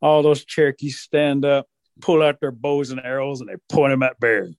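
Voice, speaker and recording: A man telling a traditional folk tale as a storyteller, animated and drawn out. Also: mid-range voice, normal speed, no room sound. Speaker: Cherokee storyteller.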